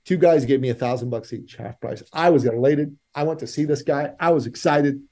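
A man with a mellow, relaxed tone tells his story as a podcast guest. He acts out both sides of each conversation and drives his points home with repeated rhetorical questions. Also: medium pitch, a little fast. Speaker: guest entrepreneur. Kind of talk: animated storytelling.

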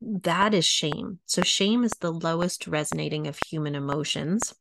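Middle-aged woman coach, low voice, gravelly, measured teaching talk, noisy recording. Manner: slow, measured, repeats phrases, laughs lightly. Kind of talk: teaching talk, reading a chart aloud.

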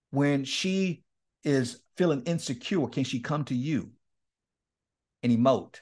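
A middle-aged man speaking as an interview guest, voice at an average pitch for a man. He tells stories with a lot of energy, laughs often, and acts out both sides of remembered conversations. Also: breathy edge. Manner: animated, laughs often, acts out quoted dialogue. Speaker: guest speaker and men's ministry leader. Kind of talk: candid storytelling in a podcast interview.

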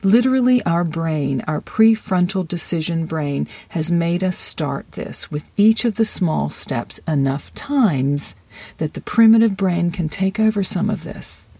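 An acting coach giving a conversational, encouraging lesson monologue. The coach sometimes drops into quick inner-voice asides and soft whispers for emphasis. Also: medium pitch, expressive, vocal fry, breathy edge, no room sound. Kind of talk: podcast-style lesson monologue.

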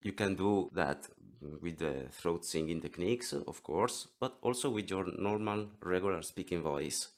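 Man, italian accent, very deep voice, unhurried, halting patient teacher, thirties. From Italy. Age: 30s. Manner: halting, restarts words, explains patiently. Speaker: throat singing teacher. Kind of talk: interview lesson.

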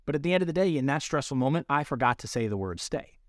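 A man's voice: mid-range voice, expressive, fast talker, dry recording. A man talks through dog training on his podcast, plain and practical, leaning on everyday comparisons. His voice sits in a middle register and sounds dry and close, with no room around it. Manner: explanatory, uses everyday analogies. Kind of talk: instructional podcast talk.

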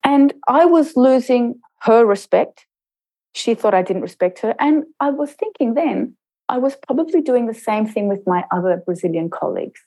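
A middle-aged woman, an intercultural trainer, telling a personal story in a reflective interview and slowing down to stress her points. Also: fairly high pitch, animated, dark tone, slightly rough, low-quality recording. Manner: measured, slows down to stress points.

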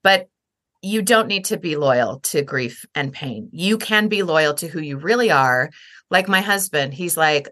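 Woman, middle-aged, podcast guest, earnest, reflective, bright voice. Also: low voice, moderate pace. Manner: earnest, reflective, lively when quoting others. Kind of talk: heartfelt conversation.

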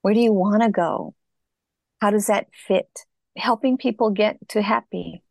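A woman's voice: mid-range voice, no echo, studio quality. A middle-aged woman telling her personal story as an interview guest, reflective and earnest. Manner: reflective, earnest, slow in places.

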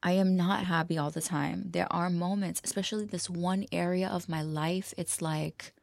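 Podcast host, woman, low gravelly voice, rambling confessional chat, dry close sound. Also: steady tone, normal speed, no echo. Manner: rambling, laughs often, drops to a hushed whisper at times. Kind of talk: casual freestyle monologue.

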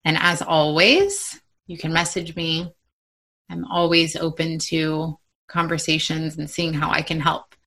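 A woman's voice: low voice, expressive, unhurried, a bit bright. A woman in her thirties hosting a motivational podcast for mothers, talking in a reassuring, encouraging way. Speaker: podcast host and mom coach.

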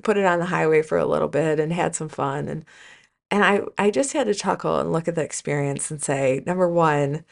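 A woman with a lowish, gravelly voice talks through a personal story as a coach and podcast host. She rambles casually, circling back with fillers and self-corrections. When she turns to her listeners, her tone becomes earnest and encouraging. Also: fairly quick. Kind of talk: casual reflective storytelling monologue.

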